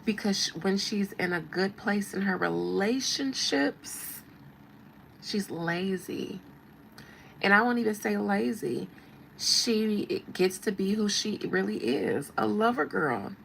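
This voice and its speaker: A woman's voice: mid-range voice, takes it slowly, gravelly, a bit bright, a little hiss or hum, rough recording. A woman hosting a show as a tarot reader, giving blunt, slangy, mocking commentary. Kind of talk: casual commentary.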